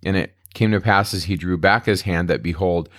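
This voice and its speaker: A man's voice: sits low, normal speed, a bit bright. A man giving a casual Bible study lecture, retelling the scripture in plain, conversational modern words. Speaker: Bible teacher.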